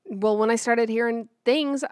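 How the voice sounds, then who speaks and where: A woman's voice: fairly high pitch, steady tone, unhurried, darkish tone, clean tone, dry recording, studio quality. A woman co-hosting a casual podcast, chatting profanely and getting easily spooked. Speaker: podcast co-host. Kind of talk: casual chat.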